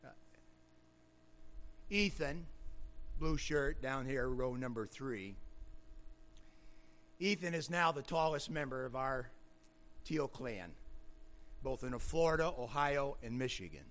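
A man preaching a sermon as pastor, playful with wordplay, moving from quiet explanation to loud, emphatic shouting. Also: medium pitch, slow, pauses often.

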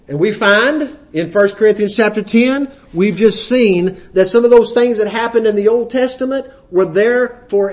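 A man preaching a sermon, quoting scripture and acting out little asides, often checking in with the congregation. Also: high voice. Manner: frequent "right?" checks to the congregation.

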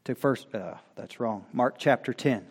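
A man preaching a sermon as pastor, reading scripture and rising to loud, impassioned cries. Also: mid-range voice, breathy edge. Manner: slow, building to loud impassioned cries when quoting scripture.

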